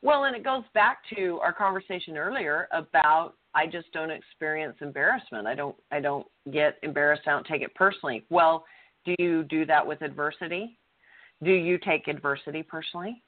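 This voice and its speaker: A woman's voice: sits low, fairly quick. A middle-aged woman co-hosting a talk show, telling a personal story in an earnest, blunt way and swearing freely. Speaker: co-host. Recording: tinny phone-line audio.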